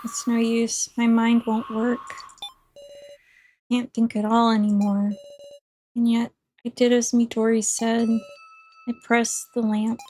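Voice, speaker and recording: High-voiced woman reading a game slowly. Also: little pitch movement, dark tone. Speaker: let's play host. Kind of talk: reading a visual novel aloud.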